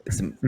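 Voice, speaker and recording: A man playing a tabletop game, joking around and trying out an accent for his character. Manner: jokey, animated, attempts a put-on accent. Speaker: player. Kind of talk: casual tabletop game play.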